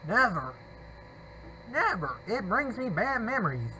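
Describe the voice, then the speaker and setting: A man's voice: sits high, sing-song, unhurried, pushed and bright, slight background noise, heavily acted, rough recording. A man doing a weak impression of a former male president while reading game dialogue lines aloud.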